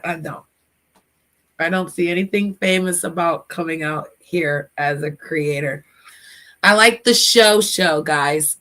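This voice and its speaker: A middle-aged woman hosting a casual livestream, chatty and emotional, giving shout-outs to her chat. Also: mid-range voice. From United States. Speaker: livestream host.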